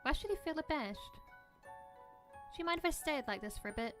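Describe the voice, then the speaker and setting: Woman reads as a sheltered, proud young man, exhausted; soft, weary delivery, voiced a bit high. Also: expressive, moderate pace, music in the background.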